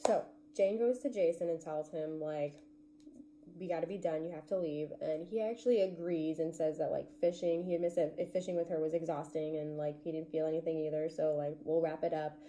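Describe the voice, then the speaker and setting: A woman's voice: low-pitched, steady tone, a little fast, mellow, slight background noise. Chatty woman recapping a TV episode. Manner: chatty, gushing, heavy use of "like". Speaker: TV recap vlogger.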